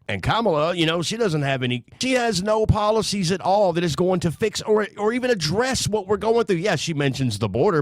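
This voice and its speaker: A man's voice: on the high side, no room sound. A man hosting a political commentary show, talking bluntly and sarcastically, with plenty of swearing.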